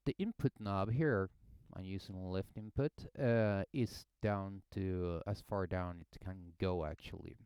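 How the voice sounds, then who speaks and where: Slow-talking guy testing gear at home, lowish voice, bounces around a lot, clean dry sound. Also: darkish tone, clean tone, no echo. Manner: explanatory, thinking aloud, hesitant. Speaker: gear reviewer. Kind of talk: casual microphone demo. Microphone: headset and studio condenser mic.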